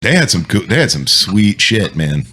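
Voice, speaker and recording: Animated low-voiced male veteran. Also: moderate pace, slight background noise. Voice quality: swears freely, rambling anecdotes. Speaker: military veteran. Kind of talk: casual storytelling chat.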